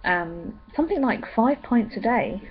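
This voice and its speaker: A young woman chatting in a rambling way with many pauses and ums. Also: a little high, lively intonation, highs cut off. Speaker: vlogger. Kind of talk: casual pregnancy update vlog.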